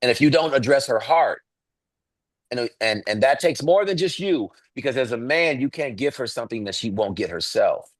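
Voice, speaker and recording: A man's voice: mid-range voice, animated, moderate pace, no room sound. A man in his thirties, earnest and emphatic, talking as a podcast co-host. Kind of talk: casual podcast talk.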